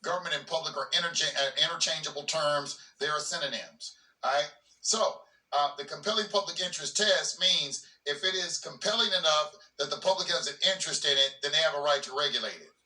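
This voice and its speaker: A man's voice: fairly high pitch, brisk, bright, forceful tone, distant mic. A man hosting a legal commentary channel. He reads a legal document aloud and breaks off for plainspoken asides, often repeating words as he restarts. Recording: roomy echo, voice from away from the mic.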